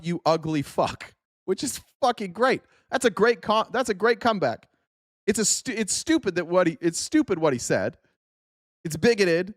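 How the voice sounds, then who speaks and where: A man's voice: a little high, no echo, clean studio sound. An American man hosting a political commentary livestream, ranting in an angry, profane and mocking way.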